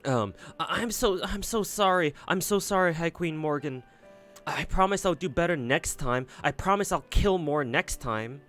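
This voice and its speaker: A man's voice: fairly high pitch, lively intonation, moderate pace, fairly bright tone, faint music behind, pitched above the performer's own voice. A man voicing a spoiled, cruel young fairy princess who is insecure and pleading, reading aloud from a game.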